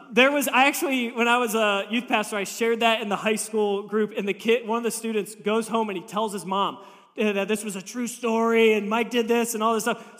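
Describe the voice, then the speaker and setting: Male pastor, sermon, humorous storytelling, quoted voices, long hall reverb, bright tone. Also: extremely high pitch. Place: church sanctuary.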